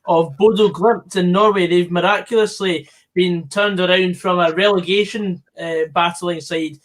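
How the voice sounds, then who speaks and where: A man's voice: sits high, fairly even intonation, moderate pace. A man hosting a fan football stream, easygoing and reading out viewer comments. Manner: easygoing, reads out chat comments. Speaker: stream host. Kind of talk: casual football chat. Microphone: online voice call.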